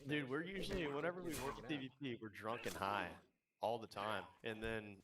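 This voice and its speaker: A man's voice: medium pitch, a little fast, a loud crowd. Crude, profane man on a distant mic. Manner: crude, profane, animated storytelling. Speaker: guild member guest. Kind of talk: casual voice-call chat.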